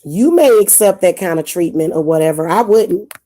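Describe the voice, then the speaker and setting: A woman's voice: lowish voice, mellow. A woman vlogger ranting casually to her viewers, blunt and indignant, often repeating herself. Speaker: spiritual advice vlogger. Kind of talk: casual ranting monologue to camera.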